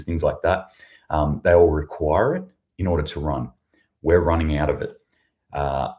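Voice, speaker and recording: A rumbling low, darkish voice with an Australian accent belongs to a host getting ready for a news show. He's livestreaming casually from a hotel room, rambling, sarcastic and swearing without restraint.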